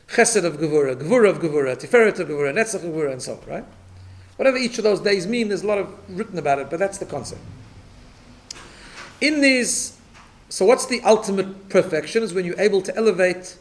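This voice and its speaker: A man, a rabbi, teaching a Torah class, explaining step by step and often checking in with his listeners. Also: sits high. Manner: repeats words when restarting.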